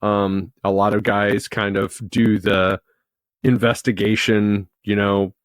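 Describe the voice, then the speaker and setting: A man hosting a podcast, asking a guest interview questions in a measured way. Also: lowish voice, level tone, no room sound, clean studio sound. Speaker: podcast host.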